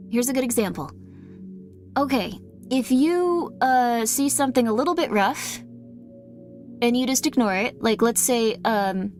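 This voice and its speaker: Girl streamer rambling to chat, lots of "like", kinda high voice, faint music behind. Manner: rambling, many "like" fillers. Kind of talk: casual chat with viewers.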